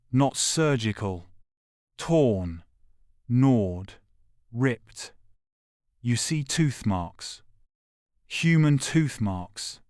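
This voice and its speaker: Slow, grave male narrator. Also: medium pitch, a little mellow, no room sound, studio quality. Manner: grave, measured, short clipped phrases. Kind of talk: scripted second-person audio drama narration.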